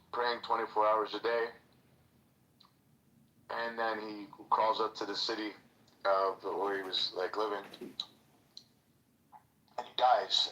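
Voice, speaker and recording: A man's voice: on the low side, bright, forceful tone, low-quality recording. A man in casual podcast chat, telling a story and acting out its voices with many fillers. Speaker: podcast panelist.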